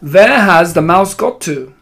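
A man reading aloud and voicing a cruel, imperious female witch leader in a storybook, snapping out slow, loud commands. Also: high-pitched, expressive, vocal fry, faint music behind, pitched above the performer's own voice, full character voice. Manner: snapping, commanding, drawn-out shouts.

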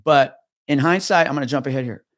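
A retired police officer, appearing as a guest on a casual podcast, tells a story with a fast, mid-range voice. He's profane and animated, restarting constantly, and the close mic sounds dry with no room sound.

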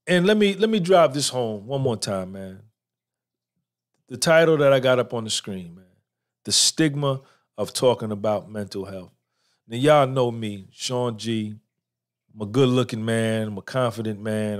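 A man hosting a podcast in a casual monologue, blunt and preachy, full of slang and checking in with "right?". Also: fairly low pitch. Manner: asks for agreement with "right?". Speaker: podcast host.

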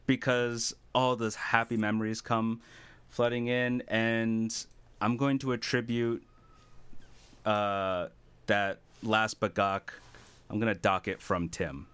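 A man's voice: fairly low pitch, flat delivery, takes it slowly, a bit bright, clean tone, no echo. A man hosting a podcast, playful and teasing in casual chat. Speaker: podcast host.

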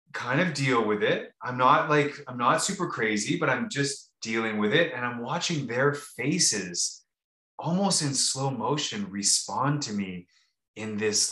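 A man's voice: mid-range voice, lively intonation, slow, pushed and bright. A man co-hosting a podcast, telling a rambling, casual story with many restarts and fillers. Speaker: podcast co-host. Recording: roomy echo.

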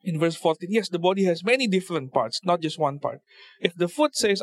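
A man with a fairly high voice gives a relaxed talk at a church service. He reads scripture and explains it in a loose, conversational way, often stopping on fillers and restarting phrases. The sound is dry and close. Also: brisk, no echo. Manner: conversational, with many fillers and repeated words. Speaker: church speaker.

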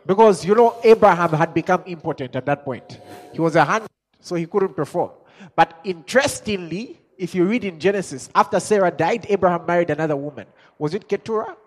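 A man preaching a sermon as an apostle, chuckling and asking himself questions as he builds from quiet musing to shouted exhortation. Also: sits high, brisk. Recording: long hall reverb.

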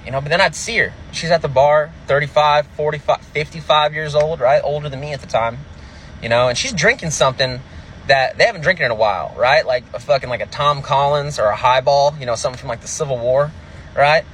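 A man's voice: fairly high pitch, brisk, fairly bright tone, a little hiss or hum. A young man telling a crude comic story, brash and rambling, as a podcast co-host. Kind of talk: comedic storytelling.

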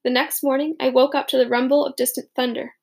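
A woman reading a first-person story aloud in a steady, plain manner. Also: high-pitched, fast, creaky, husky. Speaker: audiobook narrator.

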